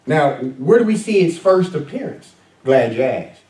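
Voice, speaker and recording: A man preaching to his congregation in a loose, conversational way, pausing on filler sounds and asking the room questions. His voice sits a little higher than most men's. It is picked up from some distance in an echoey church. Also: sing-song, dark tone. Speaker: pastor. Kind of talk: sermon. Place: church sanctuary.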